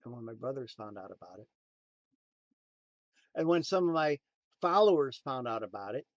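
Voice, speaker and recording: A man giving a motivational talk in a preachy, emphatic way, swinging between loud punchlines and quiet asides. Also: mid-range voice, expressive, moderate pace, no room sound, dull audio. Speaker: motivational speaker.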